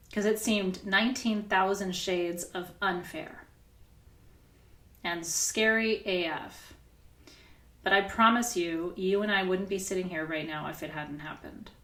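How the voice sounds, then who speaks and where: A woman's voice: mid-range voice, a bit bright, echoey room. A middle-aged woman coach talking candidly and animatedly, telling stories with laughter and the odd swear word. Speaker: spiritual coach. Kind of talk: casual coaching session.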